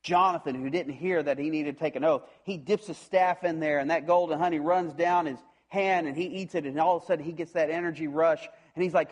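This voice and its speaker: A man preaching a sermon, retelling a scripture story in an animated way and acting out the voices of its characters. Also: a little high, fairly quick, hardly any pauses. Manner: animated storytelling, acts out voices, frequent restarts. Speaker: pastor.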